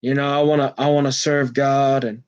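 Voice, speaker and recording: A man's voice: medium pitch, little pitch movement, moderate pace, clean tone, dull audio. A man talking in a rambling personal monologue, earnest and agitated, stumbling over his words and restarting often. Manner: earnest and agitated, jumps between topics.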